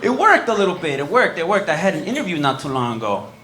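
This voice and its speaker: A young man doing stand-up with laid-back storytelling and deadpan punchlines, on a comedy club stage through a handheld mic. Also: fairly high pitch, quick pace, some chatter behind. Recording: roomy club with audience noise.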